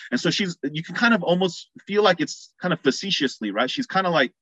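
A man's voice: high voice, lively intonation, fairly quick, hardly any pauses, bright, forceful tone, husky, no room sound. Conversational male preacher, muffled audio. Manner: conversational, acts out quoted voices. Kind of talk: sermon.

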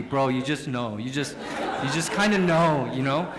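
A man in his thirties from Southern California, preaching a sermon as a pastor in an animated, joking, self-mocking storytelling way. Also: mid-range voice, moderate pace, roomy sound, a crowd in the background.

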